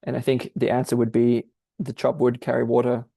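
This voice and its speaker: A podcast host gives exegetical commentary on a difficult text, thinking aloud and explaining in a searching manner. His medium-pitched, gravelly, warm voice is delivered completely flat and fairly quickly. The recording has no echo.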